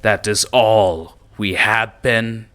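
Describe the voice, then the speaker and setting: A man voicing a huge, horned, ogre-like goblin king who speaks in slow, loud declarations to his tribe. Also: on the low side, fairly even intonation. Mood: rallying.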